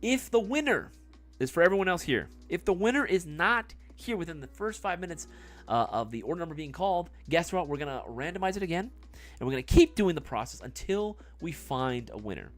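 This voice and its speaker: Brisk and very animated, this man's fairly high voice carries a laid-back livestream giveaway. He cracks jokes, swears freely, replies to chat messages, and at times drops into a playful fake ASMR whisper.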